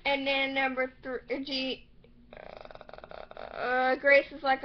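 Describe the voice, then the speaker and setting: A young woman casually recapping a TV episode, rambling and acting out characters' lines in quick bursts. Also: high-pitched, completely flat delivery. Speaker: recap vlogger. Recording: slightly muffled home recording with faint noise.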